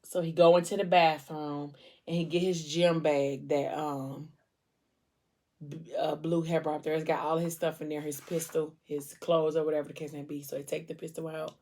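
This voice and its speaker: A woman's voice: sits low, a little mellow. A young woman chatting at home about a book series she loves, loose and slangy, full of fillers. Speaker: book vlogger. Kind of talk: casual book discussion.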